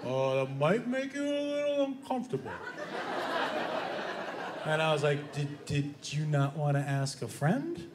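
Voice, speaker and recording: A man doing stand-up comedy, telling an animated story and playing both sides of the dialogue. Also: fairly high pitch, a little slow, heavy background noise. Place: comedy club stage with live audience. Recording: live club room echo with crowd laughter.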